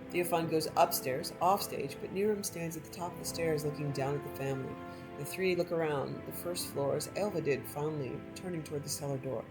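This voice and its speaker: A woman with a low voice reads a story from a game aloud in a measured, expressive way. Faint game music plays softly underneath. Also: low-quality recording. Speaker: gameplay streamer.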